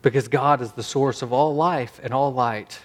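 Male pastor, mid-pitched, earnest sermon delivery, slows and swells for emphasis. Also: fairly even intonation.

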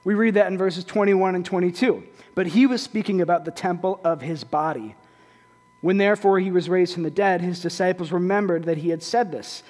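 High-voiced preacher man in a reverberant hall. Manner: animated, joking asides to the congregation. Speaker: pastor. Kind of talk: sermon. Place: church sanctuary. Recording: long reverb in a church hall.

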